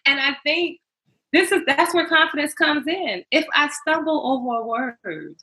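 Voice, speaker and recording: A middle-aged woman, a guest in a candid interview, talking as an emphatic, animated storyteller. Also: sits high, moderate pace, rough recording. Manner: emphatic, animated storyteller with repeated rhetorical questions.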